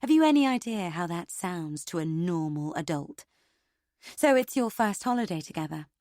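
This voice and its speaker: A woman's voice: moderate pace, no room sound, studio quality. Dramatic woman narrating an audiobook. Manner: dramatic, expressive reading with sharp swings in pitch and loudness.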